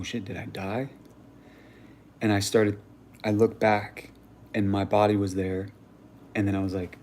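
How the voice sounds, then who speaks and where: A man's voice: lowish voice, slight background noise. Slangy young man telling a story. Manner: animated storyteller, slangy and swearing. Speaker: livestream host. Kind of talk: casual chat. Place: home.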